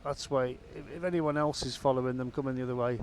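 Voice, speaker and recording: This VR helicopter pilot keeps up loose, meandering commentary with wry asides as he flies. His mid-range, slightly mellow voice stays fairly even in intonation, he speaks quickly, and a little hiss or hum can be heard.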